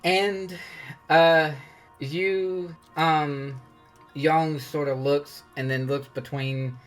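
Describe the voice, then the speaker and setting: A man's voice: a little high, fairly even intonation, extremely slow, soft background music. A man narrating as game master of a tabletop game, rambling with many fillers and laughs.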